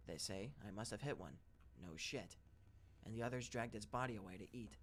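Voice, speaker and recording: A man narrating first-person scary stories in a steady, even read-aloud delivery. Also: lowish voice, a little fast, a little hiss or hum. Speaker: story narrator.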